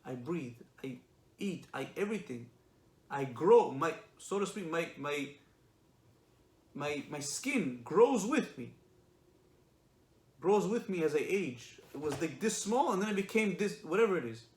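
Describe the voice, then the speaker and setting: A man's voice: on the high side, big pitch swings, unhurried, pauses often, a little mellow. A man giving a religious lesson, emphatic and repetitive, often asking rhetorical questions. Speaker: Torah lecturer. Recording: echoey room.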